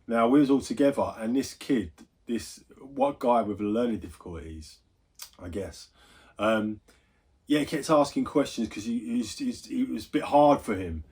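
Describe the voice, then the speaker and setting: A man's voice: mid-range voice, animated, normal speed, a little mellow, breathy edge. A man chatting casually, swearing freely and wandering into asides as he tells a story on his gaming vlog. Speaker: gaming YouTuber.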